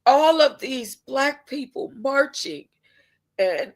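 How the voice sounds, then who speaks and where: Woman vlogger, heartfelt and emotional, voice sitting a bit high. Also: measured pace. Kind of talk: casual vlog talk.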